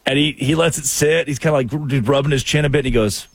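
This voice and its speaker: A man's voice: a little high, fast talker, dry recording. A man hosting a comic sports talk show, telling stories with quoted voices. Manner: animated storytelling with voiced quotes.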